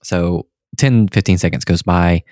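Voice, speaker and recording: A young man with a low, deep voice tells a story on a casual podcast and acts out the people in it. The sound is close and dry, with no room echo. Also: unhurried. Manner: animated storyteller who acts out the people in his stories. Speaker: podcast co-host. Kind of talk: casual chat.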